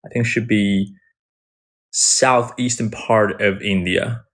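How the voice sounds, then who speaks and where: A man's voice: on the low side, fairly even intonation, takes it slowly, fairly bright tone. A man whose first language is Chinese, patiently explaining English phrases with frequent restarts. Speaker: English conversation partner. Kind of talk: casual explaining.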